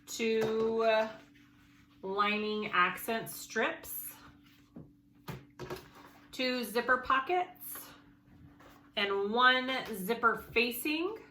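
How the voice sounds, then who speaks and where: A bright-voiced woman walks through a sewing project in an easygoing, chatty way, thinking aloud and correcting herself as she checks her pieces. Her voice carries a noticeable room echo, with a faint hiss of noise behind it. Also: on the high side, drawn-out words, pauses often. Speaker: sewing tutorial host. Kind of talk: casual sewing tutorial.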